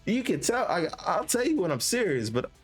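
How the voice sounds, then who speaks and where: A man's voice: sits high, very animated, moderate pace, slightly rough, soft background music. A young man telling a casual story about his life in a vlog, rambling with many restarts and fillers and some swearing.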